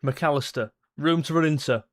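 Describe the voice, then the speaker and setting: A young man, reacting live to a football match, blunt and frustrated, jumping to excited shouts at chances. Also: fairly high pitch, moderate pace. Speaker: football fan streamer. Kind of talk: live match watchalong commentary.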